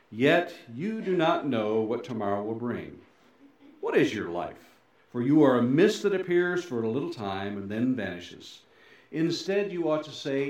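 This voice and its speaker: A middle-aged male pastor giving a sermon, swinging between loud emphasis and soft, low endings, with folksy, self-deprecating asides. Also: animated, moderate pace. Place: church sanctuary. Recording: very echoey church hall.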